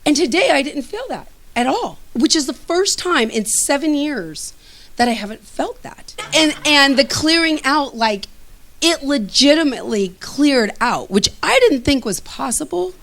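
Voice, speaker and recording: A middle-aged woman casually telling a personal story as a testimonial, lively, acting out both sides of conversations and laughing often. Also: sits high, measured pace. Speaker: student giving a testimonial.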